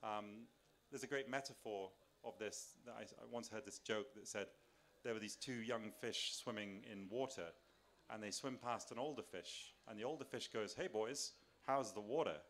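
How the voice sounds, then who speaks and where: A man's voice: on the low side, moderate pace, fairly bright tone. Man giving a conversational live lecture. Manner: conversational, thinking aloud with restarts and rhetorical questions; moves around while speaking. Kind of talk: public lecture to a live audience. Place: large tent at a summer camp. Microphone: filmed by a camera.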